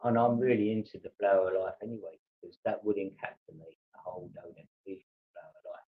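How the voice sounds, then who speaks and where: A man talks casually on a livestream, drifting from thought to thought. His voice sits fairly low. The stream audio sounds dull and lo-fi. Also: quick pace. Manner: rambling, loose and meandering. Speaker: livestream host. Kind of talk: casual chat.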